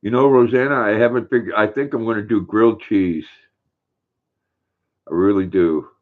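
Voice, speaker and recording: An older man with a lowish voice speaks at a normal pace as he hosts a relaxed livestream. He chats easily, reads viewer comments out loud, and coos at his dog. The recording has a tinny, phone-like quality.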